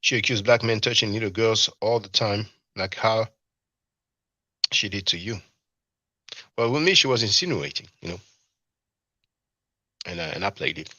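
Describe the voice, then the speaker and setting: A man hosting a livestream, commenting casually and talking in a halting way with many fillers and restarts. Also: lowish voice, bright, forceful tone, dry recording. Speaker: livestream host.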